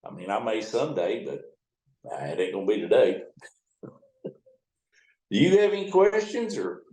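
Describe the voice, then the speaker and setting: Blunt, profane middle-aged captain, echoey room. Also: male voice, fairly low pitch, sing-song, normal speed, warm tone. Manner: blunt and profane, rambling anecdotes. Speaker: riverboat captain. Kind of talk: casual storytelling in an interview.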